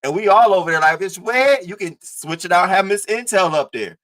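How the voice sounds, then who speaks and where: A man doing casual commentary to his live chat, animated, profane and mocking. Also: sits high, brisk, low-quality recording. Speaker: commentary streamer.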